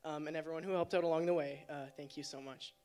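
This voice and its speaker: High-voiced young man, sincere thanks. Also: steady tone, fast talker, heavy background noise. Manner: sincere, heartfelt. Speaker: cast member giving thanks. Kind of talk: short stage tribute. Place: theater stage.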